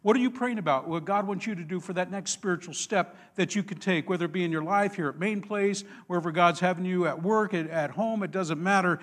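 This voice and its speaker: A man's voice: high-pitched, fairly quick, few pauses. A man, a pastor, preaching a sermon in a conversational, storytelling manner, with laughs at his own expense. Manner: conversational, warm storytelling with self-deprecating laughs.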